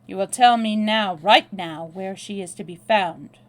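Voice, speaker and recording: A woman's voice: medium pitch, measured pace, slight background noise, lightly acted. A woman reading aloud, voicing a blunt young American man who drawls, speaks dryly and makes threats. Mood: menacing. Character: brash, blunt young American man, cool under pressure. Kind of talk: read-aloud novel dialogue.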